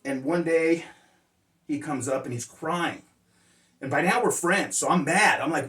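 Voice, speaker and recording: A man's voice: on the high side, moderate pace, fairly bright tone. Rambling man, distant and roomy. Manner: rambling, frequent "uh" fillers, blunt and profane. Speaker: motivational speaker sharing life lessons. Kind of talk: casual personal storytelling. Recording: roomy sound, distant mic.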